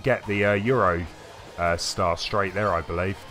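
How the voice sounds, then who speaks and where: A man's voice: low-pitched, fairly even intonation, moderate pace, pushed and bright. A man chatting casually on a live game stream, answering viewers in a rambling way with frequent hesitations. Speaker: gaming streamer. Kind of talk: casual live-stream commentary reading chat. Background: faint game music.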